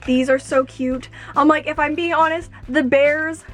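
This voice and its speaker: A young woman unboxing earrings at home, gushing and excitable, exclaiming often. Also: sits high, unhurried, faint music behind. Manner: gushing, excitable, fillers like "oh my gosh". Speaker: YouTuber. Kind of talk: unboxing vlog.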